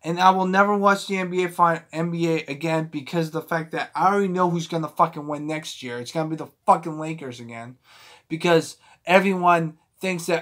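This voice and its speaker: Speaking briskly, this sports fan vlogger has a fairly high, slightly bright voice. Agitated and swearing, he aims his heated rant right at the camera, circling back again and again, restarting and repeating phrases to press his argument.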